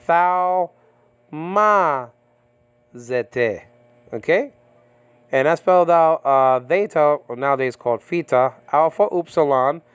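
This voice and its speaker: A man teaching a casual verse-by-verse lesson on biblical Greek and Hebrew, halting often with fillers and checking in with "okay?". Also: fairly high pitch, clear, resonant tone, no echo. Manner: halting, many fillers and repeated okays. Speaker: Bible teacher. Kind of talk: informal verse-by-verse language lesson.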